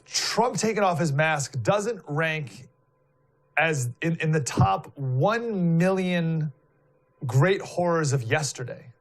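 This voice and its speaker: This man speaks slowly with a fairly high voice. He delivers live political commentary in a loose, meandering style packed with filler words and rhetorical questions, sounding indignant and forceful.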